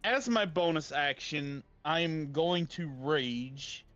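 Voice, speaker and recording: Male player, slightly high voice, muffled dry lo-fi recording, talks through his math. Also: animated, slow, a bit bright, no echo. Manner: thinks aloud over rules and dice math. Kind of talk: tabletop game play.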